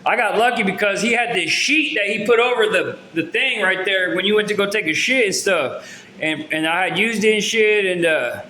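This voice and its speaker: A man's voice: sits high, normal speed, bright, forceful tone, slight background noise. A man telling a long story from his own life to his viewers in loose slang, rambling and restarting his sentences with lots of fillers. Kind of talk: casual storytelling to camera. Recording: roomy echo.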